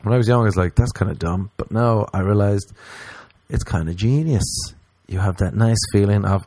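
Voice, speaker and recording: A young man doing stand-up comedy, telling stories deadpan and acting out both sides of conversations. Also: on the low side, normal speed. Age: young adult.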